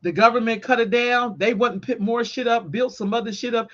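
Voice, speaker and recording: A woman's voice: a little high, fairly quick, a bit bright, muffled recording. A woman co-hosting a podcast in casual chat, talking bluntly and emphatically with plenty of profanity. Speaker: podcast co-host.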